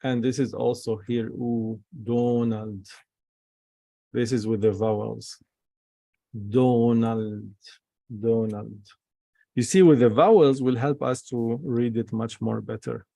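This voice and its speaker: A man's voice: mid-range voice, steady tone, a little slow, gravelly, warm tone, dry recording, studio quality. A man teaching a Hebrew class over a video call, patiently spelling out letters and vowels.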